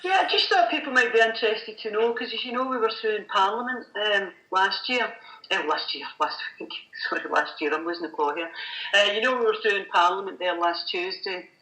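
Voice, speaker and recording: A woman's voice: medium pitch, fairly quick, pushed and bright. A woman, a guest, talking in a chatty, casual way with many fillers. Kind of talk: casual talk. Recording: echoey room.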